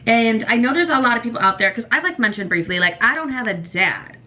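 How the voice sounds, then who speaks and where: Bright, bubbly young woman podcaster. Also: on the high side, fast, low-quality recording. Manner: animated, swearing, many "like" fillers. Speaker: podcast host. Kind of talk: casual confessional chat.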